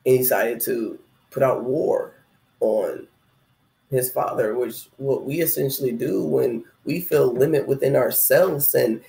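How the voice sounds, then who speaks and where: Man, 30s, spiritual vlogger, gravelly and a touch high, rambling reflective chat, echoey room. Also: unhurried, dark tone. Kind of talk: casual spiritual talk.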